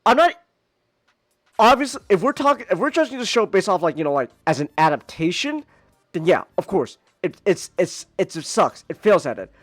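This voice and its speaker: Podcast host, male, high voice, dry close mic, stammering rant that swings from mutters to near-shouts. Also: sing-song, normal speed, no room sound. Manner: stammering, repeats words, swears, swings from mutters to near-yells. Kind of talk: casual ranting review.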